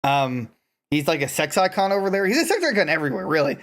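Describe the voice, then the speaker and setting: A man's voice: fairly high pitch, sing-song, fast, fairly bright tone. A man co-hosting a casual gaming podcast who rambles, restarts his sentences and swears when he gets worked up. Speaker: podcast co-host. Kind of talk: casual chat.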